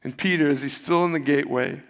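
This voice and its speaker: A man's voice: fairly high pitch, fast, creaky. A man preaching a sermon, retelling the story in a conversational way and acting out the quotes. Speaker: pastor. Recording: long hall reverb.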